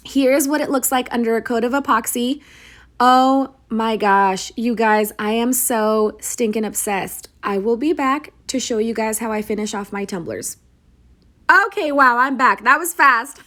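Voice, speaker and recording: A woman with a fairly high voice, a little hoarse from a long day of recording, narrates a craft tutorial. She is bubbly and chatty, keeps talking straight to her viewers, and pokes fun at herself as she goes. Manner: self-deprecating jokes. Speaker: crafter demonstrating a tumbler project. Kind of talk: tutorial voice-over.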